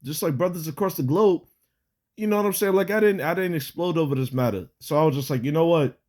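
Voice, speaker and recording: A man's voice: on the high side, fast talker, a little mellow. A young man giving a casual spoken religious testimony, rambling with many fillers, restarts and casual swearing.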